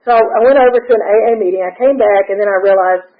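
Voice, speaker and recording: A woman, speaking at a recovery meeting and telling her story with lively quoted dialogue and frequent laughs. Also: medium pitch, rapid-fire. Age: 60s. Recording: tinny phone-line sound.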